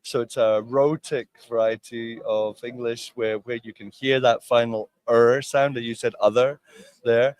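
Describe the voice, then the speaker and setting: Glaswegian man, patient explainer, mid pitch, dry recording. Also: steady tone, unhurried, clean tone, dry recording. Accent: Scottish (Glasgow). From Glasgow, Scotland. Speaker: conference guest discussing accents. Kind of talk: casual livestream interview.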